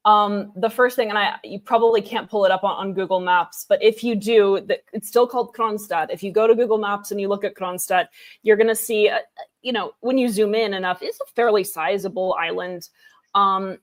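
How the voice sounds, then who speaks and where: A woman's voice: mid-range voice, steady tone, brisk. A woman co-hosting a casual history podcast, explaining events in a chatty, digressive way with frequent restarts.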